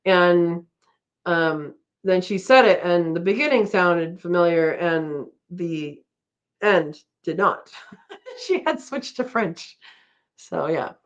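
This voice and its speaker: Woman hosting a live chat, kinda low voice, rambles and laughs a lot, muffled lo-fi stream sound. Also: lively intonation, takes it slowly. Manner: chatty and rambling, laughs often. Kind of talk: casual live-stream chat reading comments. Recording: dull lo-fi stream audio.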